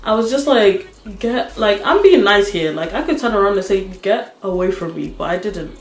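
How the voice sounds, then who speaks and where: A young woman vlogger telling a story in casual chat, animated and laughing often as she acts out what people said. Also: mid-range voice, normal speed, echoey room.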